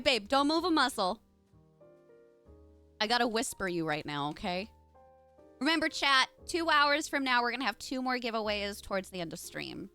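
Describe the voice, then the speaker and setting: A woman's voice: on the high side, very animated, normal speed, long pauses, bright, forceful tone, smooth, soft background music. A young adult woman streaming live, chatting casually and greeting viewers by name in a bubbly way.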